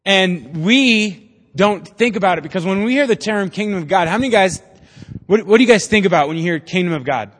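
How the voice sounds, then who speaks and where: A young man with a bright, high voice gives a laid-back, joking sermon, tossing questions out to the crowd. His words ring out with a long hall reverb around them. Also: animated, brisk. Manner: chatty, jokey, quizzes the audience. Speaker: preacher. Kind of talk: casual joking sermon to a youth group.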